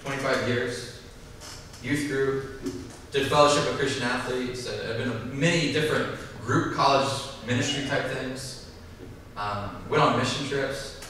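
A man preaching a sermon at a church service, animated, acting out the voices of people in the story. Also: medium pitch, measured pace, far from the mic, a little hiss or hum. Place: church service in a large hall. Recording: echoey hall, mic from afar.

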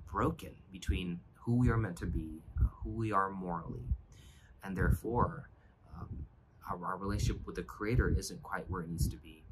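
A man's voice: low voice, background noise. A man pastor giving an earnest, reflective devotional sermon, often restarting his phrases.

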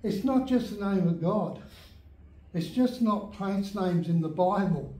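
A man whose voice sits high and has a darkish tone teaches an adult Bible class, sounding animated yet unhurried. He's emphatic and often asks whether listeners are following. Recorded in a church meeting room with lots of echo, he's far from the mic.

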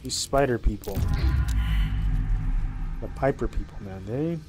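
A man's voice: mid-range voice, measured pace, over music. Chatty young man streaming a game. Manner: chatty and rambling, excitable reactions. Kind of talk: live gameplay commentary.

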